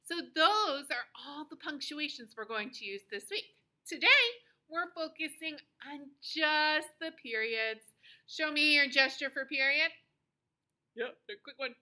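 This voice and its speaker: Upbeat high-voiced woman teaching small children. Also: pushed and bright, poor audio. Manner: cheerful, sing-song and encouraging, with slow deliberate phrasing. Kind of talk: recorded lesson for young children.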